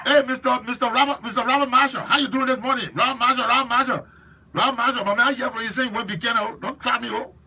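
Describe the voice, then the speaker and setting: A man with a Liberian English accent hosting a live stream, chatting lively and preachy while teasing viewers by name. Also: very high voice, quick pace, slight background noise. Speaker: host.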